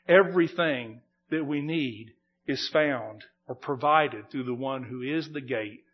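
A man's voice: mid-range voice, measured pace, breathy edge, highs cut off. A man preaching an expository sermon, earnest and emphatic, often repeating and restarting his phrases. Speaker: pastor.

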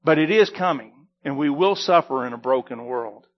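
A man preaching a sermon as pastor, reading scripture and then teaching, with dramatic swells and hushed drops. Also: medium pitch, expressive, normal speed, highs cut off.

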